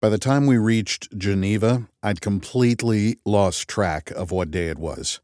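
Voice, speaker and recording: A man's voice: lowish voice, a little slow, darkish tone, no room sound, clean studio sound. A man reading a first-person audiobook in a wry, conversational manner. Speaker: audiobook narrator.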